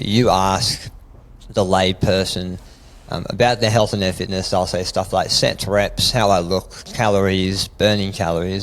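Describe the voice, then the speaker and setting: A man with an Australian accent, a fitness expert talking in a relaxed, easygoing way as a podcast guest, often calling the host "mate". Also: low-pitched, rough recording. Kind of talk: casual interview chat.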